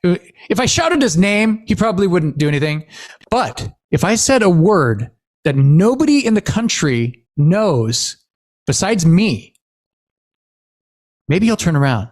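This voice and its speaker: Animated storyteller man with a lively pitch. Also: unhurried. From Washington State, US. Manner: animated storyteller, acts out quoted dialogue, many fillers. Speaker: podcast host. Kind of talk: casual podcast chat.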